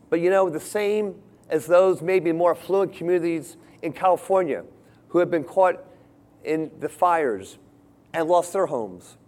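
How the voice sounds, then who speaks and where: A man preaching a sermon, earnest, moving between hushed lines and emphatic ones. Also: a little high.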